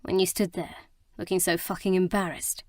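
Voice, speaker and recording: A woman voicing a gruff, brooding male romantic hero in an audiobook, speaking low and soft. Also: flat delivery, normal speed, no room sound, studio quality, close to an everyday voice. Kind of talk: audiobook character reading.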